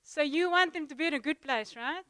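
A young woman giving a sermon in a church, chatty and halting, full of ums and restarts. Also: high-pitched, pushed and bright, no room sound. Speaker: guest preacher. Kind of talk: sermon opening, casual warm address.

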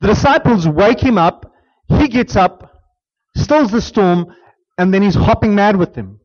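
A pastor delivers a sermon in a high, bright-edged voice, moving from emphatic declarations to soft, hushed near-whispers. The recording sounds dull and lo-fi. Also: male voice, expressive, measured pace.

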